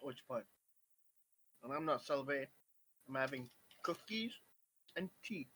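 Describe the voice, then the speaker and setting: A man from England co-hosting a casual podcast, quiet and deadpan. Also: medium pitch, measured pace, a little hiss or hum. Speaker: podcast co-host. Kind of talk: casual chat.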